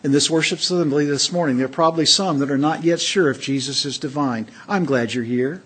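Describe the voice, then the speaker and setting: A man's voice: a little high, a little fast, fairly bright tone, husky. A man preaching a sermon to a worship assembly, emphatic and fond of rhetorical questions to the congregation.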